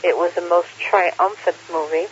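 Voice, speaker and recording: A man's voice: sits high, moderate pace. A man running a ham radio net, casually reading out the day's holidays with jokes and frequent fillers. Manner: relaxed, joking, frequent uh fillers. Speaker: net control operator on amateur radio. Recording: lo-fi radio audio with faint hiss.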